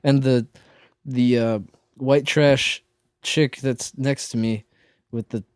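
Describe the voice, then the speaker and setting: A man's voice: medium pitch, fairly even intonation, takes it slowly, smooth, no echo. Rambling man telling a story, dry sound. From Minnesota. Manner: rambling, lots of "like" fillers, self-interrupting. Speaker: podcast co-host. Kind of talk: casual storytelling chat.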